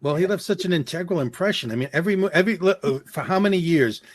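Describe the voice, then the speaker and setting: A man's voice: high voice, fast. A man hosting a podcast, talking in a rambling way with many restarts. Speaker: podcast host. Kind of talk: casual podcast chat.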